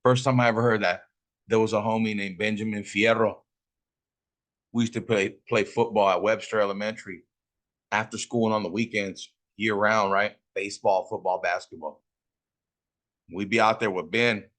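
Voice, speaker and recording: A man's voice: on the low side, fairly even intonation, moderate pace, a bit bright. A middle-aged man from Fresno, California, telling stories casually while smoking, profane, boastful and full of slang. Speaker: host.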